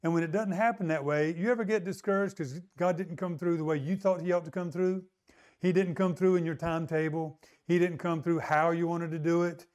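High-voiced preaching man. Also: fairly even intonation, a little fast, a little mellow. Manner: conversational preaching, often asks the crowd to agree. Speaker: pastor. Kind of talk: sermon.

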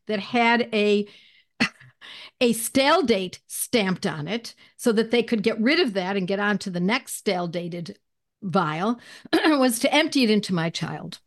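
A woman guest in an interview, telling a personal story in an animated way and clearing her throat now and then. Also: mid-range voice. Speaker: guest, homeopathy educator.

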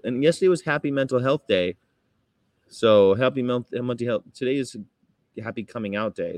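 A man's voice: a little mellow, dry recording. A man casually chatting on a livestream, rambling, laughing often and reading things aloud. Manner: mock-sweet high voice for quoted politeness. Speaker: vegan activist livestreamer. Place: Chicago.

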